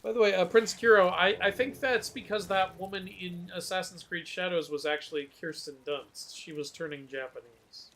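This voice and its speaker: A man's voice: sits high, fairly even intonation, moderate pace, few pauses, pushed and bright, slight background noise. A man streaming a game and chatting casually, joking, laughing often and tripping over his words. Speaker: streamer host. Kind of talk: casual chat while gaming.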